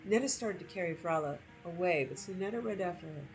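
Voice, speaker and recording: A woman with a lowish voice narrating a story over gameplay, reading expressively. Faint game music plays quietly behind her. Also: fairly quick, few pauses, low-quality recording.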